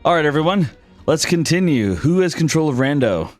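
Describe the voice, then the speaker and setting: A man's voice: a little high, sing-song, faint music behind. A man narrating as game master for a tabletop game, drawing out his lines. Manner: slow, drawn-out narration.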